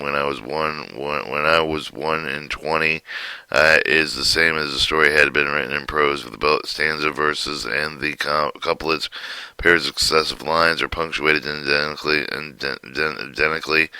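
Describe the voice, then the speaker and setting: A man with an extremely deep, flat voice reads a textbook lesson aloud. His tone is bright and crisp, and the sound is dry and close. He reads haltingly, often stumbling and restarting words. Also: dry recording, low-quality recording. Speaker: teacher reading a textbook chapter.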